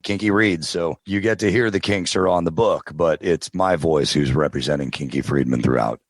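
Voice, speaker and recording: A man telling stories as a podcast guest in casual interview chat, relaxed, now and then trying out character voices. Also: a bass voice, moderate pace, dry recording, clean studio sound. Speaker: podcast guest, audiobook narrator.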